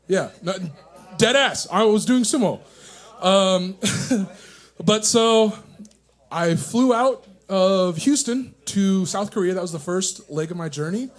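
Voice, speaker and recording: A nervous young man doing a stand-up set at a coffee shop open mic, profane and self-mocking, chuckling at his own jokes. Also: high-pitched. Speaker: stand-up comedian.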